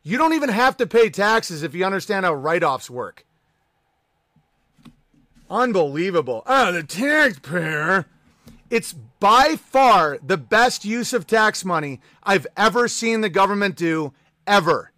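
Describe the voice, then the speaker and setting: High-voiced, profane male streamer. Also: sing-song, a little slow, bright, forceful tone, no room sound. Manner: profane, combative, sarcastic. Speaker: livestream host. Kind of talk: ranting live-stream chat.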